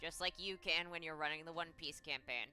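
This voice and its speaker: A woman with a lower, forceful voice argues firmly with her fellow players during a tabletop session. Faint music plays beneath her. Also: a little fast. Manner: assertive, argumentative. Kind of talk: casual tabletop banter.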